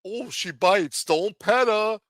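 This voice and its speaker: A proud gator handler , put on by a man, shows off his pet with slow, drawn-out pride. The voice is pushed well above his natural range. Its tone is bright and sharp, and it sounds dry and close. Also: high-pitched, dry recording, voice pushed up. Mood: showing off. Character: showy male gator-handler type.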